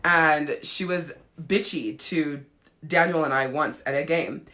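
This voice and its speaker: A woman's voice: deep voice, a little slow, pushed and bright. Blunt, profane woman telling stories. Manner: blunt and profane, frank confessional storytelling. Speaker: podcast host and life coach. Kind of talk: casual storytelling.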